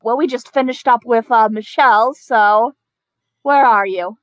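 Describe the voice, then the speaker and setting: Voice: mid-range voice, a little slow, fairly bright tone, no echo, pitched above the performer's own voice, lightly acted. A player voicing a breezy, casual woman teammate answering a phone call in a tabletop role-play.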